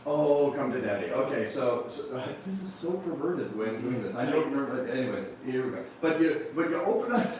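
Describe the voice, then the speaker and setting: A man's voice: mid-range voice, big pitch swings, brisk, hardly any pauses, darkish tone. A man giving a playful motivational seminar talk to a live audience, acting out little scenes in mock-sensual voices. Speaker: motivational speaker. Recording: very echoey hall from far off, faint noise.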